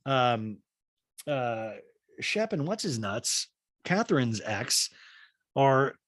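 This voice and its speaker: A man hosting a casual comedic recap, talking in an animated, mocking way. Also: medium pitch, extremely slow, dry recording, studio quality. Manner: animated, mocking, slips into exaggerated voices for quotes. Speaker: podcast host recapping a reality show.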